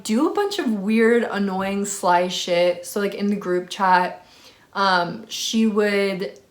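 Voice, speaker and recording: A young woman telling a storytime vlog story, rambling and heated, with lots of "like". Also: mid-range voice. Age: young adult. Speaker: vlogger.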